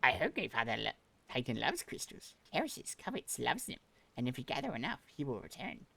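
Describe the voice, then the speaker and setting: A man's voice: mid-range voice, huge pitch swings, brisk, creaky, bright, forceful tone, full character voice. A man voicing a timid, pleading little male kobold in a game, with an odd put-on accent and repeated words. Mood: eager. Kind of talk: reading game dialogue aloud.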